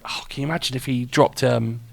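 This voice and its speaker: A man's voice: mid-range voice, fairly even intonation, a little fast, vocal fry. A man hosting a live show in a rambling, chatty way, laughing often as he reacts to what he sees and reads out. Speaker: radio show host and streamer. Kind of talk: casual live-stream chat.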